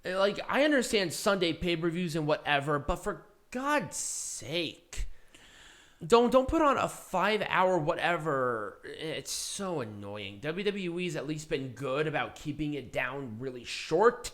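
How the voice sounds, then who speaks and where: On a casual wrestling review podcast, this co-host speaks expressively at a moderate pace with few pauses, his voice on the high side and a bit bright. He's blunt, opinionated and swears freely.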